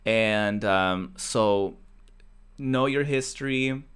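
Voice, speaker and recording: A man's voice: fairly low pitch, drawn-out words, fairly bright tone, clean tone. A young man from Portugal hosting a casual chat show, talking in a rambling way with many fillers and restarts. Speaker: podcast host.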